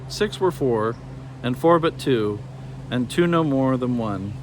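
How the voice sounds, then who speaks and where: A man reads a children's storybook aloud with expressive, measured narration. His voice sits in a middle pitch, and a faint hum runs underneath.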